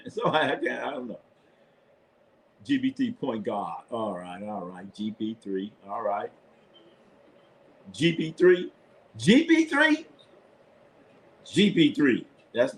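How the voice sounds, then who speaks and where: A man hosting a live sports stream, talking loosely in casual chat, blunt and profane, laughing often. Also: mid-range voice. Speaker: sports show host.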